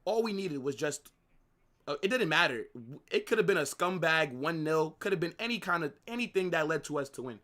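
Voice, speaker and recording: A young man with a bright, forceful voice, pitched a little high, hosting a live football stream. He rants and swears nonstop in frustration as he reacts. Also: expressive, fairly quick. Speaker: livestream host.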